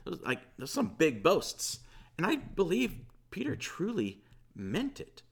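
A man's voice: sits high, huge pitch swings, unhurried, gravelly, husky. A man preaching a sermon as pastor, retelling a scripture story in a conversational way with casual asides.

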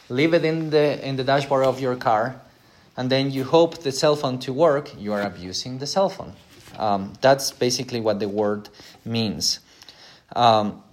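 A middle-aged man preaching a conversational sermon, speaking directly and asking his listeners rhetorical questions. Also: mid-range voice.

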